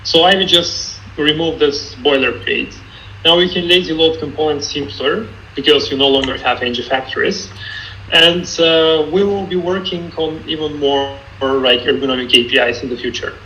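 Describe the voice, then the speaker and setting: A man calmly answering technical questions as a guest in an online Q&A, explaining step by step. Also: a little high, normal speed, muffled recording, slight background noise. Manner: calm, explanatory, some restarts. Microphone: video call.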